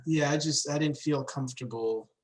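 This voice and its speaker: A man on a panel giving a hesitant, halting answer to a question. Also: a little high. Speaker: meteorologist on a panel. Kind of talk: panel discussion.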